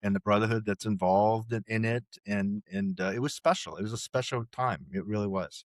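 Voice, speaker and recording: A man's voice: on the low side, fairly even intonation, brisk, no room sound. A man in his sixties, a podcast guest telling college stories in a rambling, profane way, full of restarts and "you know"s. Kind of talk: casual storytelling chat.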